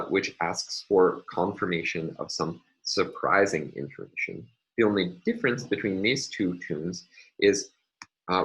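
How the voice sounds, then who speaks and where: A man with a very low voice talks through a recorded linguistics lesson at his computer. He moves methodically from point to point, filling pauses with ums and uhs while he annotates on screen. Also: a bit bright, slight background noise, poor audio. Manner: methodical, explains step by step with frequent ums and uhs. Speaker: linguistics lecturer.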